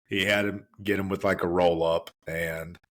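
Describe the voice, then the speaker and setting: A man's voice: low-pitched, flat delivery, fairly bright tone. A man co-hosting a podcast in casual chat, restarting his sentences often. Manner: halting, restarts mid-sentence. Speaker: podcast co-host.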